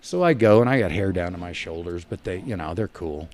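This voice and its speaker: Animated man telling a barroom tale. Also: sits low, a little fast. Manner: animated storyteller, swinging loud and soft. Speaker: podcast guest. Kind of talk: storytelling on a podcast.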